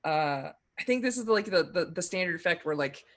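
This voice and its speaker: A game master narrating a tabletop role-playing game, talking in halting bursts with frequent restarts and little laughs. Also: medium pitch, lively intonation, a bit bright.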